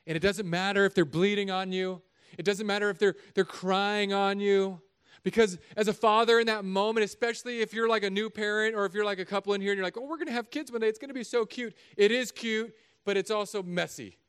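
A middle-aged man, a pastor, preaching a sermon in an animated, conversational, joking way. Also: sits high, brisk, hardly any pauses, smooth.

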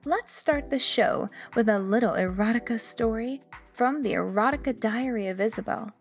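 A woman host reading scripted podcast announcements in a bright, promotional way. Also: a little high, normal speed, soft background music.

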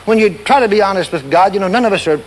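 A man's voice: high voice, very fast, big-room sound, a little hiss or hum, rough recording. A man preaching a sermon, telling a story with animation and leading the congregation in call-and-response. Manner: animated, leads call-and-response, acts out quotes.

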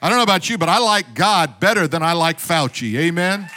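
Male preacher, high and forceful, punchy rhetorical sermon style with playful jabs at the congregation. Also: animated, fairly quick. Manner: emphatic, with rhetorical questions and calls for amen; joking asides to the congregation. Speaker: pastor.

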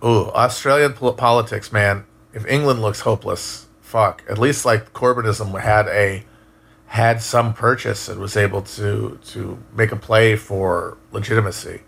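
A man casually talking on a live stream and answering chat, musing out loud, swearing now and then, with frequent restarts. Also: lowish voice, fairly even intonation, unhurried, creaky, slightly rough. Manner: rambling, musing, profane, many restarts.

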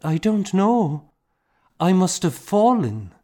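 A man's voice: high-pitched, very animated, slow, dark tone, pitched above the performer's own voice, heavily acted. A man voicing a timid young girl in a storybook reading.

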